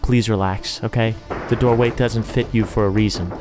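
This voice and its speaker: A man's voice: fairly low pitch, steady tone, normal speed, over music. A man giving live gameplay commentary, jittery and talking himself through each scare. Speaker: gaming YouTuber.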